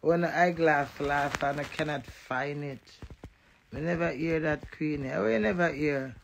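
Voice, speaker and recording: A middle-aged woman in a blunt, profane, animated casual rant to the camera. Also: low voice, measured pace, vocal fry, a little hiss or hum.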